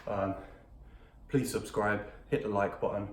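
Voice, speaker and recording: A man's voice: fairly low pitch, steady tone, a little slow. A young man hosting a ghost-hunting vlog, calling out and taunting a spirit in a coarse, swearing manner inside an empty house. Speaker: paranormal investigator host. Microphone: camera mic. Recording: echoey rooms, distant mic, faint background noise.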